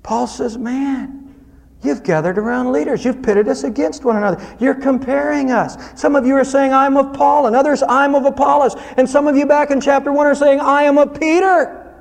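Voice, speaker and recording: A man preaching a sermon as pastor, earnest, rising to loud emphasis and dropping to soft low asides. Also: fairly even intonation, normal speed, long reverb tail.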